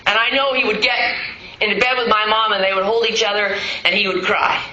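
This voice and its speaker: A middle-aged woman giving a raw, blunt personal testimony at a recovery meeting, swearing freely and swinging between loud bursts and hushed lines. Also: mid-range voice, steady tone, a little fast, roomy sound, lo-fi sound. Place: meeting hall.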